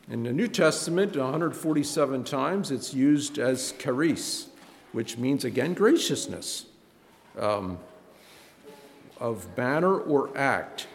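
A man preaching a sermon, halting and repeating words, his voice climbing when he stresses a point. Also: fairly high pitch. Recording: reverberant hall with faint noise.

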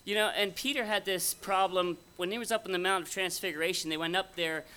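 A man's voice: high-pitched, fairly even intonation, quick pace, sharp tone, clear, resonant tone. A man preaching a conversational, folksy sermon at a Bible conference, often asking his audience questions. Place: conference hall before an audience.

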